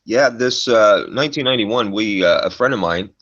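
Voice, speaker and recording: A man's voice: lowish voice, animated, moderate pace, fairly bright tone, no room sound. A middle-aged man telling a story in casual chat, profane and emphatic, ending lines with "man". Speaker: storyteller guest. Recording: dull lo-fi dry recording.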